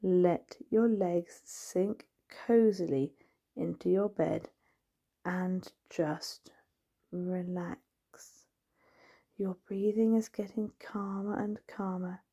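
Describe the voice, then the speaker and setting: A sleepy, comforting male mole murmurs through a bedtime story, voiced by a woman. His hushed voice is dark, husky and slow, settling each word gently. He sounds close to drifting off himself. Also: fairly high pitch, full character voice. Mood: sleepy, soothing.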